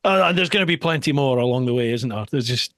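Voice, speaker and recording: A man's voice: medium pitch, lively intonation, fast, a crowd in the background. A man hosting a podcast in a casual, easygoing way, laughing often and reading out listener questions. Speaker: podcast host.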